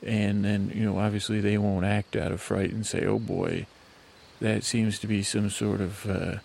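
Whispering man with a gravelly low voice. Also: flat delivery, moderate pace, darkish tone, a little hiss or hum. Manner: whispering, meandering and self-interrupting. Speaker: sleep podcast host. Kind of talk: whispered rambling sleep podcast. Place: outdoors on a night walk. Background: crickets chirping.

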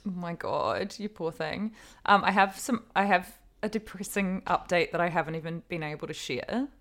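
A woman's voice: on the low side, normal speed, a bit bright. A woman co-hosting a podcast, chatting casually and ranting emphatically with fillers. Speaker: podcast co-host. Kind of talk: casual chat.

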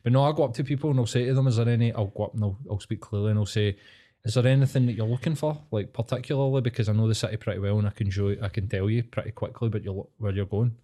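A man's voice: fairly low pitch, steady tone, rapid-fire, hardly any pauses, mellow. A man with a Glaswegian accent, co-hosting a podcast, chatting casually and telling sweary stories, acting out the people in them. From Scotland. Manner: sweary, storytelling, acts out quoted voices. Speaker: podcast co-host. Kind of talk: casual chat.

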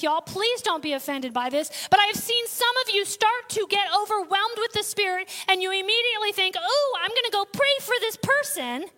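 A woman's voice: very high-pitched, bright, forceful tone. A woman pastor, preaching a sermon with call-outs and sudden bursts of intensity.

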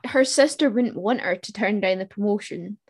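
A woman's voice: medium pitch, normal speed, husky. A woman co-hosting a podcast, talking through a TV show in casual chat with thoughtful restarts. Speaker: podcast co-host.

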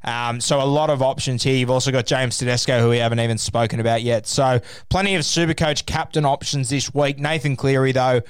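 A man's voice: medium pitch, fairly even intonation, brisk, clear, resonant tone, dry recording, studio quality. Chatty man giving footy tips. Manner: chatty, opinionated, with fillers. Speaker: rugby league tipster host. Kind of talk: casual podcast sports tips.

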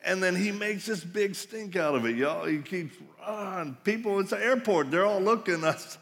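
A man's voice: high voice, lively intonation, moderate pace, hardly any pauses, a bit bright. A man preaching a live conference sermon, telling folksy stories with asides. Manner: folksy storytelling with laughs and asides. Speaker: conference speaker. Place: large hall, live audience. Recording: reverberant hall.

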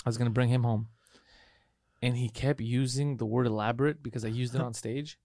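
A man's voice: medium pitch, a little fast, dry recording, studio quality. A man co-hosting a podcast, telling stories with lots of swearing and acting out what others said in casual banter. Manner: animated storytelling, acts out quotes, swears a lot. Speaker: podcast co-host.

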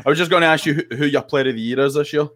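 A man's voice: on the high side, very fast, a bit bright. A man with a Scottish accent, a podcast co-host talking bluntly and swearing casually. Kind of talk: casual chat.

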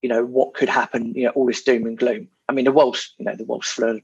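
Husky man, animated chat. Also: mid-range voice, fast talker. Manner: animated, repeats himself, swears casually. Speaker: podcast guest, property investor. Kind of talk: casual interview chat. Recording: dull lo-fi sound.

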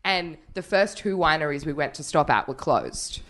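A woman, casually telling animated, swear-laden stories in a chat. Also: low-pitched, normal speed. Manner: animated storyteller, swears freely.

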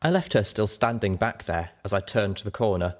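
A man narrating a story aloud as an audiobook reader, with an expressive, dramatic delivery. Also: on the low side, a little fast. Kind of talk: scripted narration.

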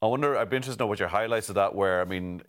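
A man's voice: fairly low pitch, very fast. A man interviewing a guest, asking long, winding questions with many fillers.

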